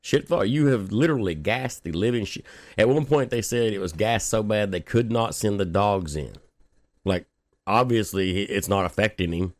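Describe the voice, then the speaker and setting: A man's voice: fairly low pitch, normal speed, dry recording. A man, hosting a local news podcast and telling a story in a casual, profane, laid-back way, laughing often.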